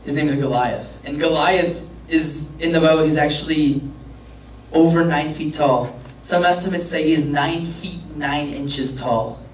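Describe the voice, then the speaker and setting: Recorded from far off in an echoey room with a faint hum, a young man who works as a youth pastor spins a casual, jokey, meandering story for his youth group. His voice sits on the high side and runs a little slow.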